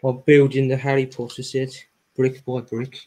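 A man's voice: medium pitch, monotone, moderate pace, darkish tone, natural voice. A man putting on a sing-song Brummie bloke. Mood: mocking. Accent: Birmingham. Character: chatty Birmingham man building bricks.

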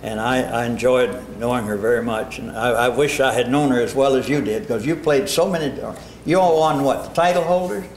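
An older man tells his anecdotes in a relaxed, conversational way, stumbling and restarting now and then. His voice sits at an ordinary middle pitch, and the archival recording is roomy with a faint layer of noise underneath. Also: fairly quick, few pauses. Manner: anecdotal storyteller with small restarts. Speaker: interviewer. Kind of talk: casual reminiscing conversation.

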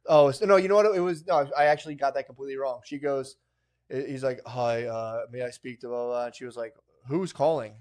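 A man's voice: medium pitch, fairly even intonation, fast, a little mellow. A young man co-hosting a casual podcast chat, telling profane stories and acting out what people said, laughing as he goes. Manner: profane, laughing storyteller who acts out quoted voices. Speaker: podcast co-host.

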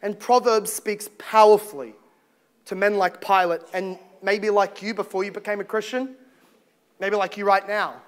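A male pastor preaching a sermon in an animated way, with humorous asides. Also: high-pitched, moderate pace. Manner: animated, joking asides, acts out quotes.

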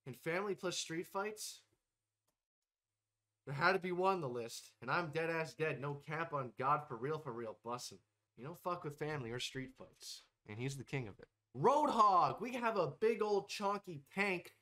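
Young man, profane comedic rant, brash bravado, somewhat high voice. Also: normal speed, bright, forceful tone. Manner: brash, swears constantly, mock-tough bravado. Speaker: host ranking game characters.

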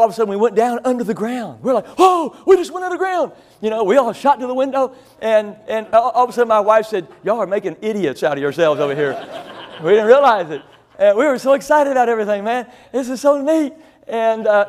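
Folksy high-voiced country preacher. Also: male voice, a little mellow. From rural Illinois, USA. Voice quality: deaf in one ear. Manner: folksy, rambling, self-deprecating. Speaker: pastor. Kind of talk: storytelling sermon.

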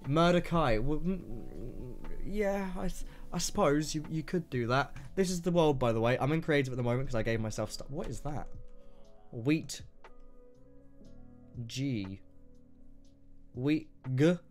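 A man hosting a casual livestream from his home desk, rattling off quick greetings to viewers in an upbeat way. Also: medium pitch, expressive, soft background music. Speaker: streamer host.

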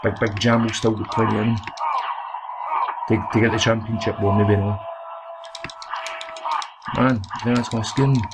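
A man's voice: on the low side, flat delivery, moderate pace, long pauses. A young Scottish man giving rowdy, sweary commentary while he plays a boxing game. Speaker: gaming channel host. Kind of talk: let's play commentary. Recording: loud game and clicking noise behind.

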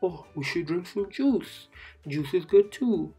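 Kids' cartoon narrator, excitable, repeats short phrases, raspy, gravelly, faint background music. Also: medium pitch, unhurried.

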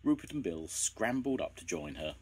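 An older man reading a children's story aloud, gentle and expressive. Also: deep voice, normal speed, breathy edge.

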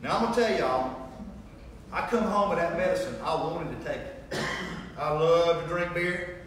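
Man preaching his testimony, high voice, echoey hall, distant mic, faint ambience. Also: moderate pace, a little hiss or hum. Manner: animated storytelling, acting out dialogue. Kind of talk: sermon testimony.

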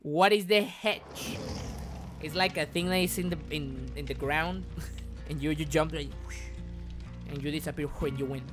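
A man whose first language is Spanish, streaming a game live in English, swinging between excited shouts and quiet muttering, swearing and repeating phrases. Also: on the high side, normal speed, over music. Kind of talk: live gameplay commentary.

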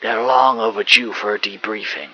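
A man's voice: on the low side, fairly even intonation, moderate pace, sharp tone, slightly rough, muffled recording. A man doing a polished, scheming colonel. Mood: pleased.

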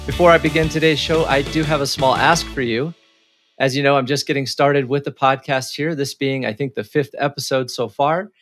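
A man hosting his podcast, upbeat and friendly, talking in quick bursts. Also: medium pitch, fairly bright tone, no echo, studio quality. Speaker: podcast host. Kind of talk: podcast hosting, casual chat.

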